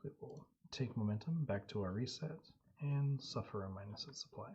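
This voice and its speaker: A man running and narrating a solo tabletop game on stream, telling the story in a relaxed, halting way. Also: lowish voice, husky. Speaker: game master and solo player. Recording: dull lo-fi audio.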